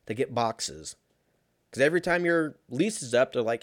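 A young man telling a casual story in a sarcastic, profane, animated way. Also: mid-range voice, normal speed, dry recording, clean studio sound.

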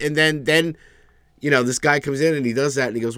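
A man's voice: medium pitch, quick pace, no echo. A man co-hosting a podcast, ranting and swearing in casual chat. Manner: ranting, swears freely, animated. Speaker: podcast co-host.

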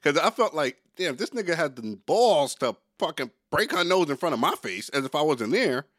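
A man in his forties co-hosting a podcast, telling a story with lively quoted voices in casual banter. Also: fairly high pitch, normal speed, no echo, clean studio sound. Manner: animated storyteller, acts out quotes loudly. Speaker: podcast co-host.

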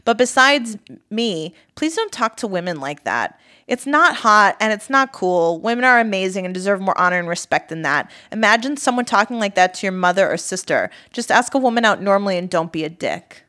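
A woman's voice: medium pitch, lively intonation, a little fast, hardly any pauses, bright, forceful tone. Candid woman retelling a story. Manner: candid, blunt retelling of text messages. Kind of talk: casual storytelling chat.

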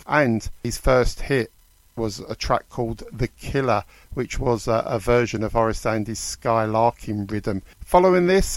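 A man's voice: medium pitch, no room sound. Man presenting a radio music show. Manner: reads artist histories, lightly conversational. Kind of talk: radio DJ narration.

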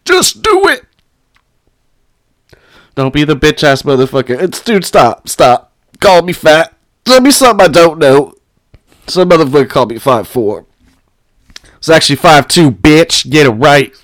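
A man hosting his own podcast, ranting at his critics with constant swearing and mocking laughter, high on weed. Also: animated, moderate pace, a bit bright, no room sound. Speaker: podcast host. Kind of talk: profane solo podcast rant.

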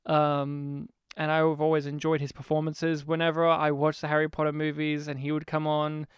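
A podcast co-host, a man with a slightly high, smooth and clear voice. He talks casually about movies, laughing and cursing as he goes. The sound is dry and close with no room echo. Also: monotone. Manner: jokey, laughs often, swears, slips into quick impressions.

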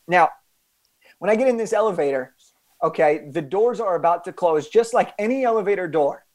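A young adult man, an author and podcast guest, telling a story with animated emphasis and frequent restarts. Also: sits high, a little fast.

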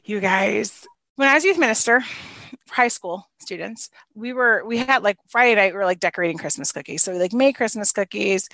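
A young adult woman, a former youth minister, telling stories in casual chat, animated and laughing often as she acts out quotes. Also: medium pitch, brisk, no echo.

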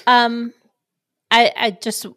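A woman's voice: fairly high pitch, flat delivery, very slow, a bit bright, no echo, studio quality. A woman co-hosting a podcast, asking direct questions in a conversational way. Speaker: podcast co-host. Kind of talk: interview questions.

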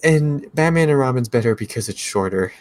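A man's voice: mid-range voice, lively intonation, brisk, no echo. A young man chatting casually about movies, ranting and sarcastic.

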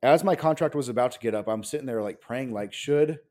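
Speaking fast in a medium-pitched, slightly mellow voice, a man around forty who works as a pastor recounts his story in a relaxed interview. He rambles earnestly, packing his speech with fillers, especially "like."

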